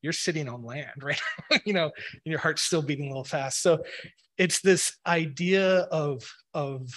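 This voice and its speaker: A man's voice: fairly high pitch, normal speed, a bit bright. A man giving a casual, rambling explanatory talk on religion, full of "you know" and "like" fillers. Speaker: speaker on a religious podcast.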